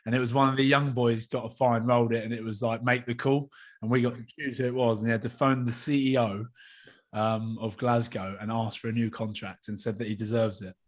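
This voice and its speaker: A young man co-hosting a podcast, chatting casually and telling an animated story, with the people in it voiced by him. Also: mid-range voice, brisk. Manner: animated storyteller who acts out the voices of the people in his anecdotes. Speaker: podcast co-host. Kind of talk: casual chat.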